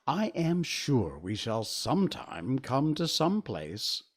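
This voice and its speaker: A man playing an earnest, eager young girl in a storybook reading, the voice lifted above his own and swinging expressively. The reading stays slow and careful. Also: medium pitch, wildly swooping pitch, husky, exaggerated voice. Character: young girl lost on a long journey. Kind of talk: storybook read-aloud.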